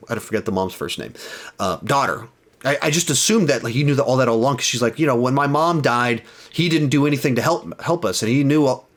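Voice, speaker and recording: A man's voice: medium pitch, a bit bright. A young man giving a casual, rambling film review, retelling scenes and often correcting himself mid-sentence.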